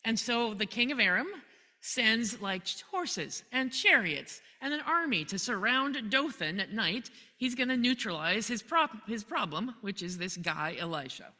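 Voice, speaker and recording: Brief: conversational woman preacher, chuckles, bright and animated; reverberant church. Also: a little high, a little slow. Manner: conversational storytelling, chuckles often. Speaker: pastor. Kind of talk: sermon. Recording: long hall reverb.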